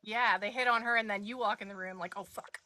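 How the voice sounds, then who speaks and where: Bright, bold young woman telling stories. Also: mid-range voice, quick pace. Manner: blunt, animated storyteller. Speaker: podcast guest. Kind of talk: casual chat.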